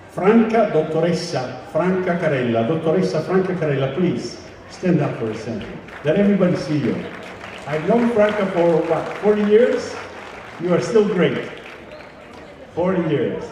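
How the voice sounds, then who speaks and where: A talkative man with a high, dark-toned voice hosts a live gala, ad-libbing jokes to the crowd through a PA mic in a big banquet hall. The audio is very echoey with a long reverb tail, sounds distant and has faint background noise.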